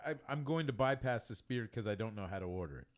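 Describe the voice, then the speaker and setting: A man's voice: on the low side, lively intonation, fast. A man co-hosting a podcast, reviewing a beer in casual chat, hesitant and full of restarts. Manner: hesitant, overthinking, restarts a lot. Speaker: podcast co-host.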